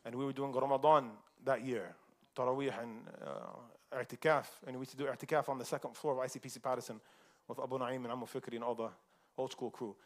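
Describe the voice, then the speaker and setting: A man from the United States speaks at a community forum. He tells a personal story in a rapid, chatty rush, and he laughs often as he goes. His voice sits at an ordinary middle pitch. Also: fairly even intonation. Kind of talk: casual storytelling talk.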